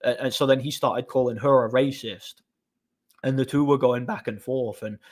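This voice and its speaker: A man's voice: medium pitch, steady tone, moderate pace. Rambling man telling stories on a live stream. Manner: rambling storytelling with frequent restarts. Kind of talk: casual live stream chat.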